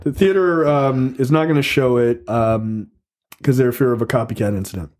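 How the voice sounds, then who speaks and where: A man's voice: mid-range voice, normal speed, a little mellow. Rambling man hosting a casual podcast. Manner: rambling, many fillers and restarts. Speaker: podcast host. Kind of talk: casual chat.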